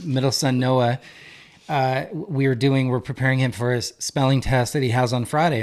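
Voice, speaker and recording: A man's voice: medium pitch, darkish tone. A man in his thirties, a marriage coach, giving an earnest, emphatic faith-based talk and repeating key phrases for weight. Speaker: marriage coach and podcast co-host.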